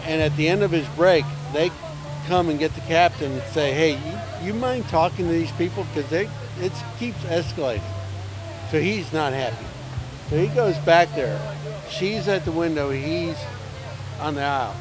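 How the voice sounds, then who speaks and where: A man with a slightly high voice tells an airline story in a relaxed, chatty way. He acts out the lines of the people in it. Clear music plays underneath the whole time. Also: normal speed, poor audio. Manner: animated anecdote-telling with acted-out quotes. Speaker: airline pilot telling stories. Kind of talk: casual storytelling.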